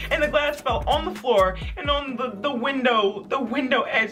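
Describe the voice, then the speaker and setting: A young adult vlogger telling childhood stories in casual, animated chat, full of "like". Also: high-pitched, moderate pace, faint music behind. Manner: animated, filler-heavy with frequent "like". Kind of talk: casual storytelling to camera.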